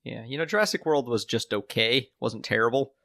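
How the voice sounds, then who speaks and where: Tired, gravelly man on a podcast. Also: medium pitch, fairly quick, bright, forceful tone, no echo, clean studio sound. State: tired from little sleep. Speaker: podcast co-host. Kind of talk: casual chat. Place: home, talking over an online voice call. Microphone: computer mic on a voice chat app.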